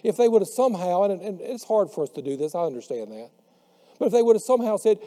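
A man preaching a sermon who slows down and drops his voice on the words he wants to stress. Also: sits high, expressive, dark tone. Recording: long hall reverb.

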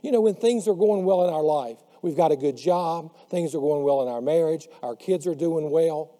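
A man preaching a sermon who slows down and drops his voice on the words he wants to stress. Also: on the high side, mellow. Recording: long hall reverb.

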